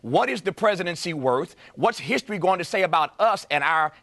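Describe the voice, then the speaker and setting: Passionate guy pressing a guest on tv, preachy repeats, sharp bright tone, dry sound. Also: high voice, expressive, fairly quick, no room sound. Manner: impassioned, preacher-like rhetorical repetition. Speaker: interviewer. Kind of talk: TV interview.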